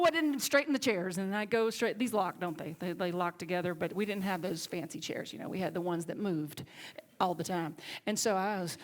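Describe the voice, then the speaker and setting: A woman minister with a Southern accent, preaching a sermon and telling a personal story with lively swings from loud to hushed. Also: medium pitch. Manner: animated, swings from loud to hushed near-whisper. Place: church sanctuary.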